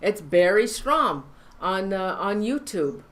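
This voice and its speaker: A woman's voice: mid-range voice, very animated, fairly bright tone. A woman hosting a live online show, talking casually and rambling, with lots of fillers and restarts. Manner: rambling, halting with many fillers. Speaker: show host. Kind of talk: casual live-stream talk.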